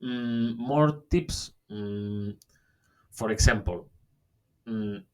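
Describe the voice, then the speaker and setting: Slow-talking man giving a webinar. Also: lowish voice, a little mellow, smooth. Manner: halting, many fillers and restarts, says "okay?" often. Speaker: webinar presenter. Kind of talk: online workshop talk.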